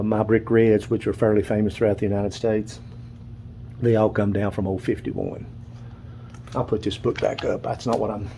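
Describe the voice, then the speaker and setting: A man's voice: medium pitch, dark tone, slight background noise, poor audio. An older man, casually showing photos and books, rambling and stopping to recall names. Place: dark room at home.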